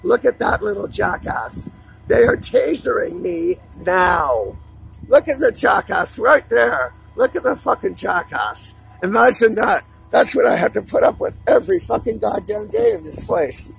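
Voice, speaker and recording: A man vlogging an agitated, profanity-laden monologue to camera in a raspy voice. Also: high-pitched, very animated, unhurried, soft background music, poor audio.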